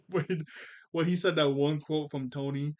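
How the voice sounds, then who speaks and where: A man's voice: on the high side, steady tone, slow. A man recapping a movie in casual chat, rambling with lots of "like" and "you know" and chuckling often. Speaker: movie commentary vlogger.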